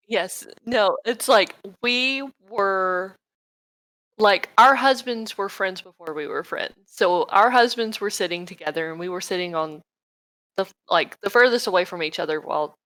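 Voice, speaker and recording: A woman co-hosting a casual podcast, chatting in an animated, excitable way and swearing freely. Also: medium pitch, dry recording, low-quality recording. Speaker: podcast co-host. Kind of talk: casual chat. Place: home, live-streamed podcast.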